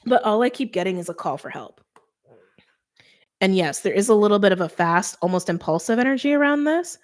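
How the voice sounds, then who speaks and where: Soft-spoken woman giving a tarot reading. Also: mid-range voice, animated, a little fast. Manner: soft, earnest, openly emotional. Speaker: tarot reader. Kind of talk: intuitive tarot card reading.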